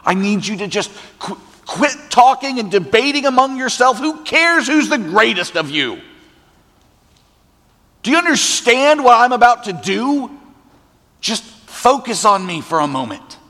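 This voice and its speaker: A man's voice: very high voice, sing-song, unhurried, bright, forceful tone, big-room sound, pitched above the performer's own voice, exaggerated voice. A man voicing an anguished man pleading with his friends, in an emotional, raised voice.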